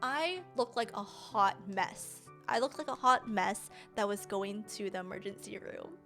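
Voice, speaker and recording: A young woman streamer telling a personal story casually, animated and slangy, often laughing. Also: mid-range voice, unhurried, creaky, faint music behind.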